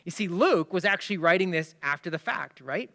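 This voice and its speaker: A male pastor delivers a sermon in a high, light voice. He punches key words and then drops into quiet asides, often pausing to ask his listeners to pay attention. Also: lively intonation, vocal fry. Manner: emphatic preaching, swinging between loud stresses and hushed asides.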